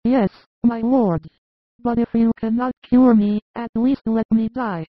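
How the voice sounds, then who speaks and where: A woman's voice: fairly high pitch, no room sound. A woman playing a sick young mother who speaks in a pleading, emotional way. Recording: muffled, narrow phone-like sound.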